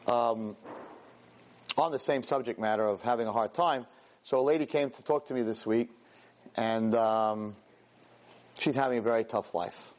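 A man, a rabbi and teacher, telling a story in a Torah class, animated and self-mocking, sprinkling in Hebrew and Yiddish words. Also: mid-range voice, moderate pace, long pauses.

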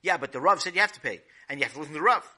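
Upset adult man demanding his money, high and pushy, put on by a male storyteller. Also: animated, rapid-fire, husky, heavily acted. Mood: insistent. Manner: high, loud and insistent.

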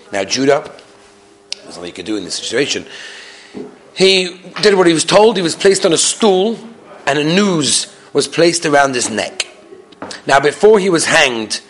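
A man telling an inspirational religious story as a Torah speaker, mixing in Hebrew and Yiddish terms. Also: mid-range voice. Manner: dramatic, swings between hushed and loud.

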